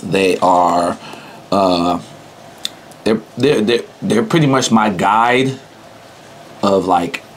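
A man's voice: on the low side, very slow, long pauses, a little hiss or hum, poor audio. A young man talking casually as an interviewee, in loose, slangy speech and often breaking into laughter. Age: young adult. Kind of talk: casual chat.

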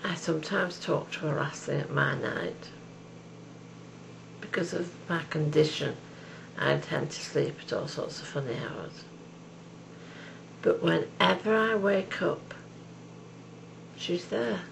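Older woman, heavy vocal fry, devout and affectionate, home video with audible hum. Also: deep voice. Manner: slow, tender and devout, calls the listener love and darling. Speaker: video message sender. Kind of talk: heartfelt personal message.

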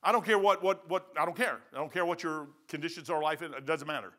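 A man's voice: a little high, quick pace, fairly bright tone. A man in his sixties, a pastor with a Midwestern American accent, preaching a sermon in a folksy, emphatic way that repeats phrases for stress.

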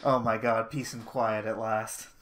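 A man's voice: lowish voice, level tone, unhurried, a bit bright. A man playing a tabletop game, chatting casually in a joking, exasperated way with some swearing. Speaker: player.

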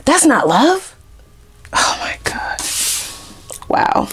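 A woman gives a casual tarot reading straight to her viewers, sassy and full of asides. Her voice is fairly high and swoops up and down all the time. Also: drawn-out words, in a whisper. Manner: animated, laughing often, sassy asides. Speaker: tarot reader.

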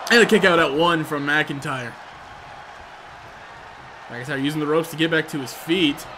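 A man doing sports-style play-by-play commentary, moving from steady calls to loud, shouted excitement. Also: fairly high pitch, moderate pace, slight background noise. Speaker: commentator for his own gameplay video.

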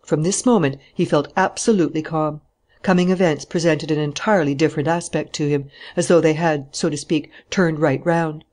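An audiobook narrator reads in a calm, steady storytelling manner. The voice sits at a middle pitch. The delivery stays even throughout. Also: brisk. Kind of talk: scripted narration.

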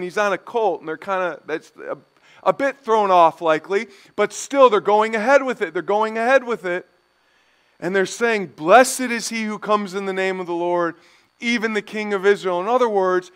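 A man pastor preaching a sermon, building from quiet stretches to loud, emphatic passages. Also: very high-pitched, clean tone.

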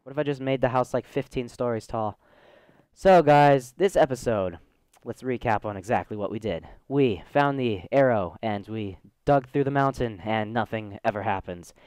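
Smooth-voiced young gamer man rambling. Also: medium pitch, moderate pace, darkish tone, dry recording. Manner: rambling and chatty, thinking aloud. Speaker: gaming YouTuber. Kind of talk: let's play commentary.

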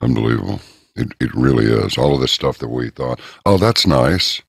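A man's voice: very deep voice, sing-song, brisk, vocal fry, a little mellow, slightly rough, dry recording, studio quality. A male interviewer reacting with amazement and short affirmations to his guest.

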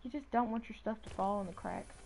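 A woman's voice: fairly high pitch, quick pace, darkish tone, slight background noise. A young woman giving casual, profane commentary while streaming a game, often exasperated and talking to her chat. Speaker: gamer streamer.

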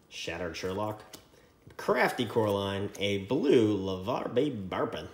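A man hosting a trading card break, reading out card names in a running list with quick asides. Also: lowish voice, lively intonation. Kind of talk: casual card-opening commentary. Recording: echoey room with faint noise.

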